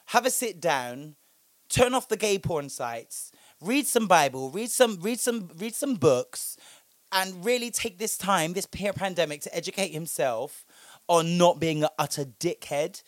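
A man's voice: sits high, a little slow, dry recording, studio quality. A young man, delivering a profane, sarcastic ranting commentary as a vlogger. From Britain. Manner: profane, sarcastic, shifting loudness.

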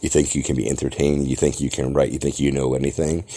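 A man's voice: extremely low pitch, level tone, quick pace, warm tone. A man hosting a podcast, delivering a grandiose, theatrical monologue that lectures the listener. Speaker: podcast host. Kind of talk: grandiose self-promoting monologue.

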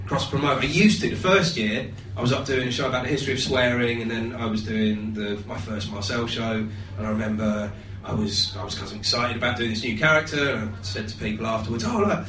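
A man's voice: mid-range voice, quick pace. A man who is a comedy guest, telling anecdotes casually and laughing often. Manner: animated storyteller, laughing often. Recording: roomy, distant, faint noise.

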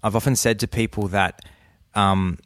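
A man in casual conversation, acting out quoted voices in a hushed whisper. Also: lowish voice, steady tone, moderate pace, no echo, studio quality. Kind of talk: casual chat.

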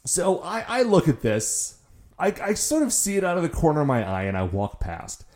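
Man, podcast co-host, lively pitch, casual storytelling, stammers and restarts. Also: moderate pace. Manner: animated, stammering restarts when excited.

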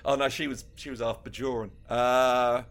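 A man co-hosting a casual podcast chat, wry and quick to laugh. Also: mid-range voice, fairly even intonation, crowd noise. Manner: wry, laughs often between remarks. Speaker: podcast co-host.

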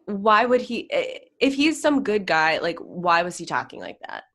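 A woman with a fairly low voice at a moderate pace co-hosts a podcast, chatting animatedly about celebrity gossip. She gasps, laughs, and says "like" constantly.

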